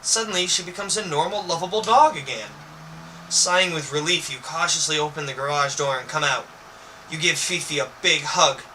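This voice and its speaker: A man streaming who reads a choose-your-own-adventure book aloud in a lively, playful way. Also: a little high, a little fast. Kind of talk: storybook reading on a stream. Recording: distant mic with faint noise.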